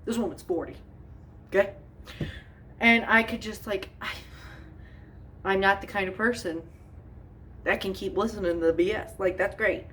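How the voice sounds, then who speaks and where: A woman's voice: mid-range voice, steady tone, normal speed, pauses often, a bit bright, far from the mic, a little hiss or hum. A woman chatting casually as she bakes in her home kitchen, telling a storytime with exasperation, lots of fillers and frequent laughs. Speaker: home cooking vlogger. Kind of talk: casual storytime while baking.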